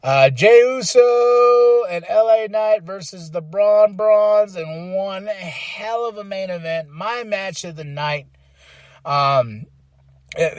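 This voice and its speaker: A fairly high-voiced man hosts a podcast recap, talking fast and animated and acting out what people said. He now and then breaks into excited shouts. The sound is close and dry. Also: dry recording. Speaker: podcast host reviewing wrestling.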